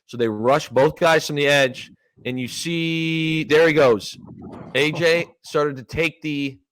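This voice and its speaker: A man in his thirties from Canada, hosting a casual sports podcast, telling a game story in an animated way and acting out quoted lines. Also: fairly high pitch, slow pace, smooth. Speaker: podcast host, former player.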